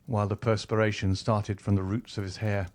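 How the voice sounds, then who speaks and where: A man narrating a classic novel as an audiobook, in a measured, expressive reading. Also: fairly low pitch.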